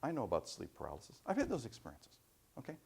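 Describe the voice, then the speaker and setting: A man voicing an adult male abductee who calmly and patiently insists on his experience in a low, quiet voice. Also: rapid-fire, gravelly, breathy edge, heavily acted. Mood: weary calm. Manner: quiet, patient, matter-of-fact. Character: calm adult male abductee, unshakeable believer.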